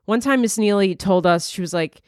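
A woman's voice: medium pitch, brisk, dry recording, studio quality. A woman comedian hosting her podcast, rambling through a crude, self-mocking comedic monologue. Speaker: comedian host.

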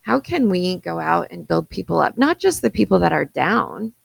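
A woman's voice: fairly low pitch, sing-song, normal speed, vocal fry, slightly rough, no room sound. A woman co-hosting a casual chat, talking in an earnest, encouraging way. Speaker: podcast co-host.

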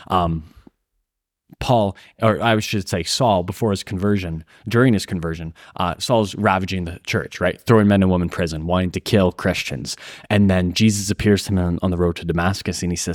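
Deep-voiced man musing with many fillers. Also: fairly quick, dry recording, studio quality. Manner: thoughtful, searching for words with many fillers and restarts. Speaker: podcast co-host. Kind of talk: casual Christian podcast discussion.

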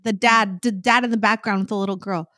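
A woman co-hosting a casual chat, telling lively stories and acting out other people's lines. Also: mid-range voice, fairly quick, dry recording, studio quality. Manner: animated storyteller, acts out other people's lines.

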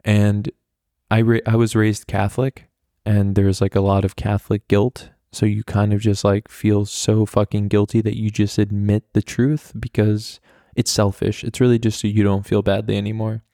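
A low, gravelly American man spins a rambling personal story, leaning on fillers and the odd curse. His tone is dark and mellow, and the recording is close and dry with no room around it. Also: flat delivery, moderate pace, dry recording. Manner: rambling, frequent "like" fillers, candid and profane. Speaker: podcast host. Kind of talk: casual storytelling monologue.

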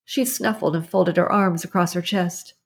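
A woman narrating an audiobook in a steady, even storytelling manner. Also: fairly low pitch, normal speed, breathy edge. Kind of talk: scripted narration.

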